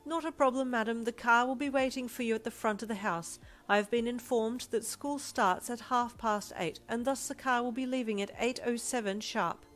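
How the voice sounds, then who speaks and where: A woman voicing a prim household servant who speaks in a crisp, formal, precise manner. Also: fairly high pitch, steady tone, moderate pace, few pauses, fairly bright tone, faint music behind, voice pushed up, close to an everyday voice.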